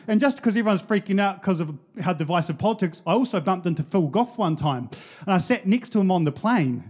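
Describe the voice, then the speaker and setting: High-voiced New Zealand pastor, chatty. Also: male voice, expressive, brisk. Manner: casual anecdotal storytelling, chatty with many fillers. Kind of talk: sermon.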